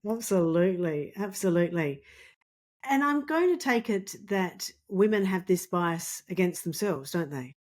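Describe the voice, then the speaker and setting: Lady hosting a podcast, lowish voice, easygoing chat, lots of agreeing. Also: animated, unhurried, darkish tone. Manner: conversational, agreeing, thinking aloud. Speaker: podcast host. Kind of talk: podcast interview.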